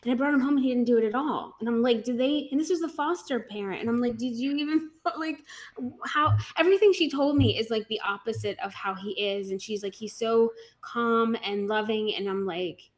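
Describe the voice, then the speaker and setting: A woman with a fairly high voice, chatting on a live stream. She rambles and gets emotional, breaking into laughs and sighs as she talks. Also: fast. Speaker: co-host. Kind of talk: casual chat on a live stream.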